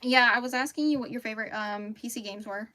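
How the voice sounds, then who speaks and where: A chatty woman, her voice bright and a little high. She talks in a loose, rambling way and laughs easily, like someone chatting on a relaxed livestream. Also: quick pace. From Mississippi, US. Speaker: crochet livestream host. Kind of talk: casual livestream chat. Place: home closet.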